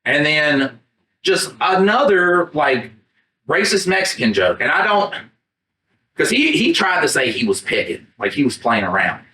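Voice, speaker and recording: Unhurried and fairly high-pitched, a podcast co-host with a bright, forceful voice tells a rambling story in casual chat. He curses and animatedly performs his own quotes. The sound is roomy, recorded by a distant mic across an echoey room rather than the podcast mics.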